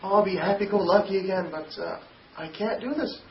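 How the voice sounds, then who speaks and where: A young man from Newfoundland, Canada, telling a personal story in a halting way, often repeating and restarting words. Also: high-pitched. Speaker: interviewee telling his conversion story. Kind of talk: personal testimony. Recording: distant echoey dull recording, faint noise.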